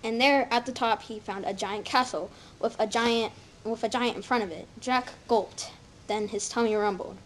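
A woman reads a children's picture book aloud with lively expression. Her voice is fairly high. A faint hiss sits in the background. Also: moderate pace. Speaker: story reader.

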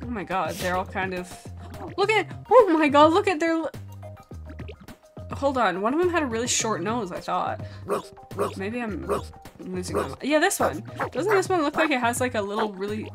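A woman streaming a video game, chatting casually and excitedly talking to the little creatures on screen. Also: a little high, normal speed, long pauses. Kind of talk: casual gameplay commentary. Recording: music playing behind the voice.

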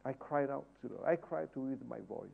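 A man teaching a Bible study in a sermon style, asking rhetorical questions and moving from hushed asides to loud, fervent exhortation. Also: medium pitch, fast talker, gravelly, breathy edge, narrow, tinny audio. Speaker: pastor leading Bible study.

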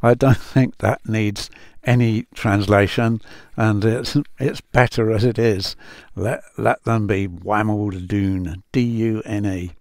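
A man speaking as a Bible translator, reflecting slowly on psalms, with many pauses and fillers as he reads verses aloud. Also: lowish voice, dry recording, studio quality.

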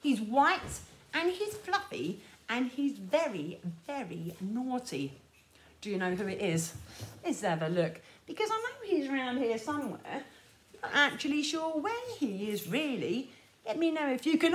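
A woman's voice: fairly high pitch, sing-song, a little slow, slight background noise. A woman leading a sing-along music lesson for small children, coaxing and sing-song as she talks and counts with them. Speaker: children's music class leader.

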